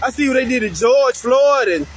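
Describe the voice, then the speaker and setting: A man's voice: very high-pitched, animated, normal speed, a little hiss or hum. An American man giving a preachy response monologue in slangy speech, firing off repeated rhetorical questions. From United States. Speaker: commentator responding to another video.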